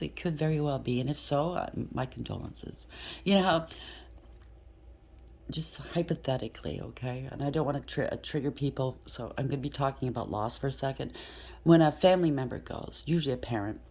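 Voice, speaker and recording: A woman's voice: very deep voice, darkish tone. A woman giving a casual tarot reading, chatty and blunt, thinking aloud and swearing freely. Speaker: tarot reader.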